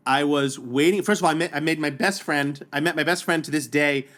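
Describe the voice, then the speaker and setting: A man talking as a podcast guest, telling stories in a casual, animated way with many quick restarts. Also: a little high. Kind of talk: casual storytelling.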